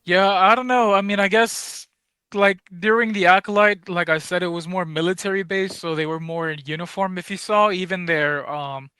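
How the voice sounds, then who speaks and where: Male podcast host, slightly high, bright tone, laid-back and slangy. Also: fairly even intonation, moderate pace, smooth, no echo, clean studio sound. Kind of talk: casual chat.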